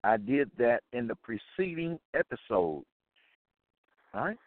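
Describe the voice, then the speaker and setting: A man teaching scripture in a deliberate way, reading out verses and repeating set phrases. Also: medium pitch, sing-song. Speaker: religious teacher. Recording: tinny phone-like line, dry.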